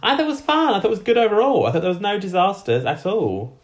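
A man co-hosting a podcast, giving blunt, quick opinions in casual chat. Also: high-pitched, huge pitch swings. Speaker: podcast co-host.

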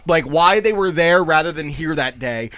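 A young man co-hosting a podcast in casual chat, animated and quick to laugh, acting out quotes and swearing now and then. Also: fairly high pitch. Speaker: podcast co-host.

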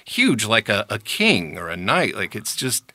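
A man co-hosting a casual podcast, talking in an animated way, laughing often and swearing casually. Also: lowish voice, unhurried, no room sound, studio quality. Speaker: podcast co-host.

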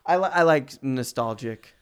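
Laid-back young man with a smooth voice. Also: medium pitch, animated, normal speed. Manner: laid-back, slangy, laughs easily. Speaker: podcast guest. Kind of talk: casual chat.

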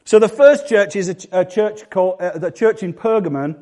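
A middle-aged pastor preaches a sermon in church, his voice sitting high with a dark tone and a fairly quick pace. He's chatty and self-mocking, often restarting and joking with the congregation.

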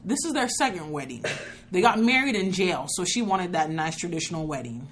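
A woman co-hosting a podcast, chatting casually in loud, lively banter full of laughter. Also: lowish voice, brisk, a crowd in the background. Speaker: podcast co-host. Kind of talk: casual chat.

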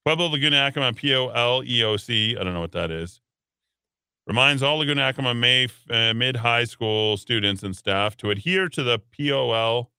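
Man, talk radio host, sarcastic banter, lowish pitch, forceful tone. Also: clear, resonant tone, no room sound, clean studio sound. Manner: sarcastic, joking, reading listener texts aloud.

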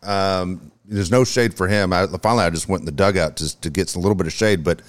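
A man's voice: deep voice, quick pace. A man co-hosting a casual podcast, blunt and profane, who coaches youth baseball. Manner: blunt, profane, asks offbeat questions. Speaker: co-host.

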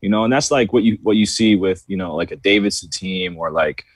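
A man co-hosting a sports podcast, rambling in a relaxed way and stopping often to say "you know". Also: low-pitched, fairly quick, dry recording. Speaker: podcast co-host. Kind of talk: casual sports debate chat.

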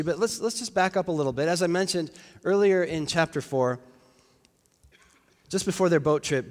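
A man's voice: on the high side, big-room sound. A man preaching a sermon in a conversational, reflective way, with fillers and restarts, in a church.

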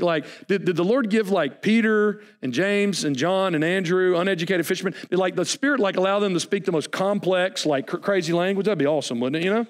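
A pastor, preaching in a high, light voice. He is animated and folksy, and he breaks into jokes and asides to the congregation between his points. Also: brisk, few pauses. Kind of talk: sermon.

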